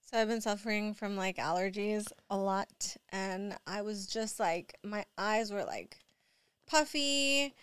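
A young woman and mother telling a rambling, animated story full of fillers, sounding drowsy. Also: medium pitch, measured pace, clear, resonant tone, no room sound. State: drowsy from allergy medicine. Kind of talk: casual storytelling vlog.

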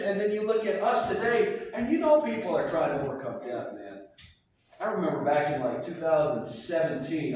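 A man preaching a sermon as pastor, animated and telling stories with voiced asides. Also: high voice, slight background noise. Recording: echoey hall from far off.

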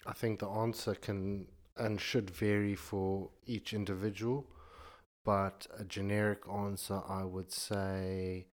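A man's voice: lowish voice, flat delivery, slow pace. A man co-hosting a podcast in casual chat, dry and laid-back with a teasing edge. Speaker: podcast co-host.

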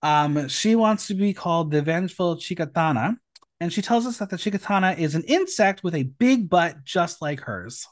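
A man with a fairly high voice hosts a casual recap podcast, recorded close and dry with no room sound. He retells the episode playfully, with quick dry asides. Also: animated, no echo. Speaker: podcast host.

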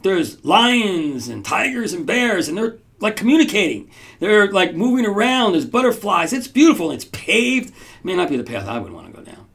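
Animated, gravelly-voiced man telling a story. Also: sits high, moderate pace. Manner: animated, rambling with restarts and frequent "right?". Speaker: podcast host. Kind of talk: casual storytelling to an audience.

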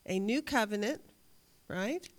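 A woman's voice: mid-range voice, expressive, a little slow. Woman teaching a Bible class. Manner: asks the class questions and answers them herself; emphatic, repeats words as she thinks aloud.

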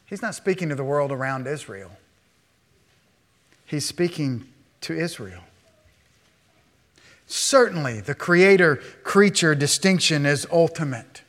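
A man with a somewhat high voice preaches a sermon. He moves between quiet, earnest passages and raised, emphatic declarations, teaching his congregation as he goes. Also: expressive, slow pace, pauses often. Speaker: pastor.

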